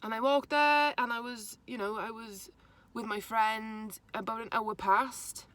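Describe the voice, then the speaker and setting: A young woman speaks straight to camera, recounting a painful memory. Her voice sits a little high, and she often breaks off and starts her sentences again. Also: steady tone, a bit bright. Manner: halting, emotional retelling with restarts. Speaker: vlogger. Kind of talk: personal storytelling to camera.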